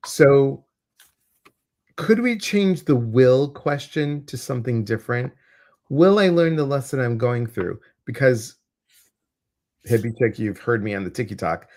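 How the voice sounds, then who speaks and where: A man's voice: medium pitch, animated, measured pace, pauses often. Chatty male livestream coach. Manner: warm, chatty, addresses viewers directly. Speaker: intuitive coach and stream host. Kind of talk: livestream chat reading viewer comments.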